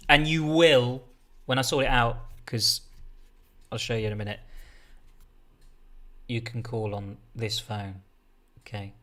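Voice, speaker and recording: This is a man hosting a relaxed livestream from his own desk setup. His voice sits in an ordinary middle register. He talks in a loose, chatty way, wandering off track and cutting his sentences short. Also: mid-range voice, unhurried, pauses often. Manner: rambling, chatty, self-interrupting. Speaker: livestream host. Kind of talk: casual livestream chat. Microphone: desk setup with a mixer.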